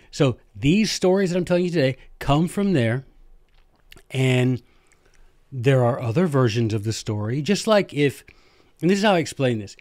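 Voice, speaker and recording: A man, hosting a podcast and telling history stories in a lively, joking, self-deprecating way. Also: fairly high pitch, no echo, clean studio sound. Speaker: podcast host, former history teacher. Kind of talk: casual history storytelling monologue.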